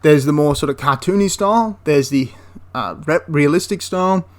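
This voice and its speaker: A man's voice: on the high side, normal speed. Enthusiastic rambling man reviewing a game. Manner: enthusiastic, rambling with restarts and asides. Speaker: wargaming reviewer. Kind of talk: casual spoken review.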